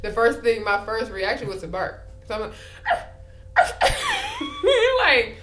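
A woman's voice: medium pitch, fairly even intonation, fairly quick, fairly bright tone, reverberant. A woman co-hosting a casual chat podcast, telling rambling, self-deprecating stories full of "like". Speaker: podcast co-host.

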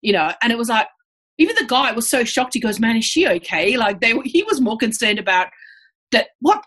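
An Australian woman telling her story as a podcast guest in a casual, animated way, with lots of fillers. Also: a little high, fairly quick. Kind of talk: casual conversational interview.

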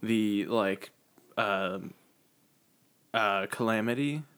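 A man co-hosting a casual podcast, talking in a halting way with many fillers and restarts. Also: lowish voice, fairly bright tone, clean tone. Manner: hesitant, lots of fillers and restarts. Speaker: podcast co-host.

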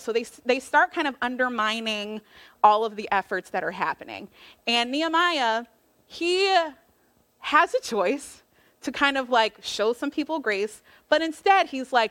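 A woman with a slightly high voice delivers a laid-back sermon. She talks in a chatty, slangy way and briefly acts out the people in the story as she retells it. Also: animated, normal speed, a bit bright. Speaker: preacher.

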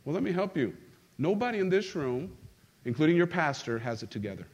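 A middle-aged man preaching a sermon as pastor, animated and joking, calling out to his congregation. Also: fairly high pitch, brisk, muffled recording. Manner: animated, humorous, calls on the congregation. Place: church sanctuary.

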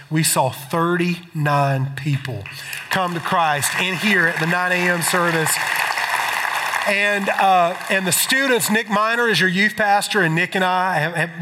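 A man's voice: high voice, sharp tone. A man, preaching as a guest speaker in a chatty, joking, emotional way. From South Carolina. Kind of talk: sermon introduction. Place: large church hall. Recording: hall echo from pulpit mic.

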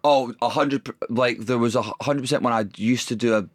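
A man's voice: mid-range voice, fairly even intonation, fairly quick, no echo, clean studio sound. A man in his thirties telling rambling, self-deprecating stories in a casual podcast chat, full of restarts. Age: 30s. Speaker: comedian guest.

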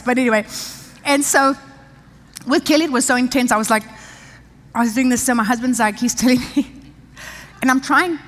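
A woman pastor from South Africa, telling a personal story in a chatty sermon, laughing often and restarting her sentences. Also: on the high side. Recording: long reverb of a large hall.

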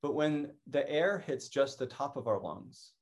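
A middle-aged man from North America giving a calm, earnest educational talk as a mindfulness teacher, often restarting his phrases. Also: mid-range voice, a little slow.

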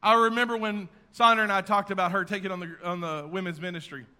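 Man, pastor, sermon, impassioned peaks and quiet asides, high pitch, long church reverb. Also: steady tone, fast talker, clean tone. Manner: impassioned preaching, rising to emphatic peaks and dropping to quiet asides. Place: church sanctuary.

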